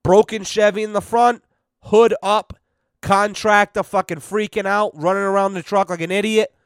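A young man rants on his podcast, blunt and cursing freely as he tells exasperated stories. His voice sits a little high, and the close, dry recording has no room sound. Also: steady tone, normal speed, clean tone, dry recording. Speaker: podcast host. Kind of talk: casual profane podcast rant.

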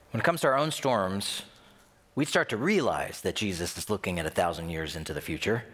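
A man preaching a lively sermon, his pitch leaping up and down as he acts out the people in his story. His voice rings through a big hall with a long reverb tail. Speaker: pastor.

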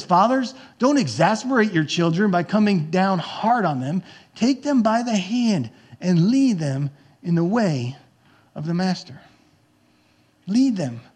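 A pastor preaching a conversational sermon, now and then acting out yelling parents and encouraging coaches. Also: male voice, high-pitched.

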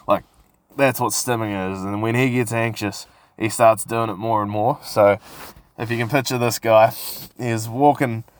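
A man's voice: on the low side, steady tone, moderate pace. A man hosting a casual solo podcast, rambling and swearing as he tells stories. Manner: rambling, sweary, laid-back storytelling. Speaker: podcast host.

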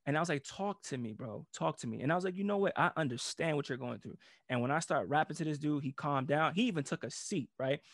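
A man in his thirties, a former police officer, telling a story in casual chat, animated and profane and laughing often. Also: fairly high pitch, fast talker, hardly any pauses, no room sound, clean studio sound.

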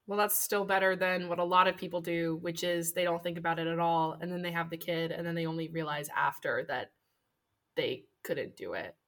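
A woman's voice: on the low side, steady tone, a little fast, a bit bright. A woman voicing a blunt divorced mother who talks in a rambling way. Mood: earnest.

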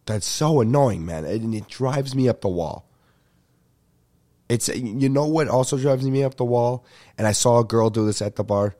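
A young man, telling a comic story as a podcast host in an animated, profane rant. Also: mid-range voice, normal speed. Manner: animated ranting with frequent profanity. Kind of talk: ranting comedic storytelling.

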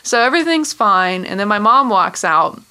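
Chatty bright-voiced woman telling stories. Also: mid-range voice, big pitch swings, normal speed, clear, resonant tone. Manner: chatty, laughs between lines, says "like" often. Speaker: guest. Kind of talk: casual storytelling.

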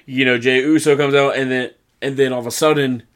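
A man co-hosting a casual wrestling recap, retelling matches and slipping into quick impressions of the wrestlers. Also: mid-range voice, clean tone. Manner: animated, mimics wrestlers in quick put-on voices. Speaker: podcast co-host.

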